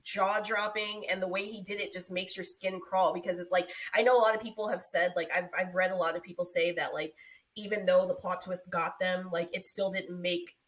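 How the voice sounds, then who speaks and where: A woman's voice: on the low side, steady tone, a little fast, a bit bright. A woman co-hosting a podcast in casual chat, telling stories and acting out quotes with big jumps in her voice. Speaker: podcast co-host.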